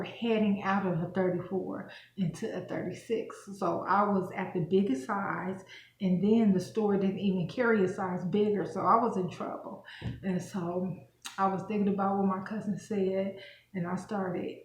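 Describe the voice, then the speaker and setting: A woman's voice: medium pitch, darkish tone, a little hiss or hum. Rambling young woman vlogger, roomy echo. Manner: rambling, with many fillers. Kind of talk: personal storytelling.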